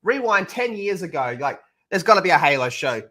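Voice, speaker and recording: A male streamer rants heatedly on his livestream, swearing freely and laying on the sarcasm. His slightly high voice is bright, sharp, sing-song and brisk, its pitch swinging widely as he winds himself up.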